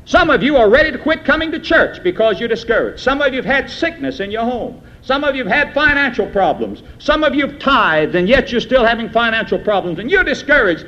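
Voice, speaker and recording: A middle-aged man preaching a sermon from the pulpit, emphatic, his voice rising high and then dropping low. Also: sing-song, a little fast, few pauses, bright, forceful tone. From United States. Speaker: pastor. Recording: dull lo-fi archival sermon tape.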